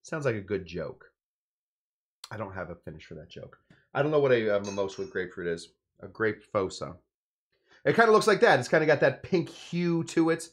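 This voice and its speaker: A man's voice: lowish voice, very animated, fairly quick. A man from California hosting a casual cocktail-making video, talking in a rambling, jokey way with playful asides. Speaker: cocktail show host.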